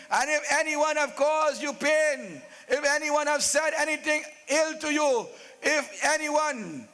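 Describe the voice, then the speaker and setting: A man's voice: very high-pitched, bright, forceful tone, big-room sound, heavily acted. A man voicing a lovesick old king who pleads desperately with his queen. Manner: pleading, drawn-out endearments.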